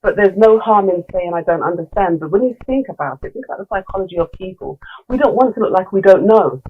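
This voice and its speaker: A woman's voice: mid-range voice, animated, quick pace, husky, phone-quality sound. A middle-aged woman, a guest in a casual podcast conversation, talking candidly with many fillers and restarts. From London. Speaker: guest, leadership coach.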